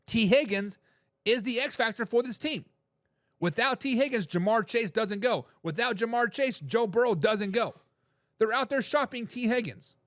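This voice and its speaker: A man hosting a live sports talk show, giving loud opinions on football and reading out viewer comments. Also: very high voice, normal speed, no room sound, studio quality. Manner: animated, opinionated, reads chat comments aloud.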